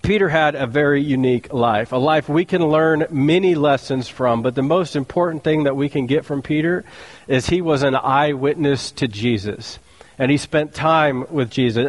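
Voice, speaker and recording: Casual, joking man preaching a sermon. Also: fairly high pitch. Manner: casual, joking storyteller with slang. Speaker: pastor.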